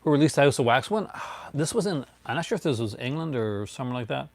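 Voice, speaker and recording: A creaky, mid-range male voice with lively intonation speeds through a casual livestream show-and-tell of a disc collection. He rambles, laughs often and greets viewers by name, and the recording has no room sound.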